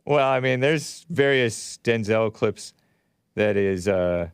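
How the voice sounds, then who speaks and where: A man's voice: fairly low pitch, expressive, takes it slowly, smooth, dry recording, clean studio sound. A man hosting a call-in talk show, chatting casually, laughing often and reading out listener comments. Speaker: radio call-in show host.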